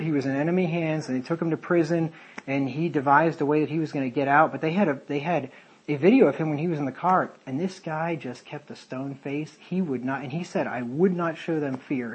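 A man's voice: a little high, brisk, slightly rough, low-quality recording. A man leading a casual Bible study, talking in a rambling, conversational way with many fillers and tangents. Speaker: Bible teacher.

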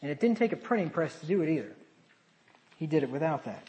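A man preaching a sermon, animated, with sarcastic asides and sudden drops to a quieter voice. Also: a little high, fast, low-quality recording.

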